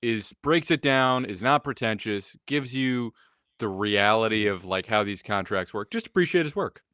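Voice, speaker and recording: A man's voice: fairly low pitch, lively intonation, moderate pace, fairly bright tone, no echo, studio quality. A man co-hosting a casual sports podcast, talking loosely with lots of fillers and restarts. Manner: loose, chatty, many fillers. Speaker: podcast co-host.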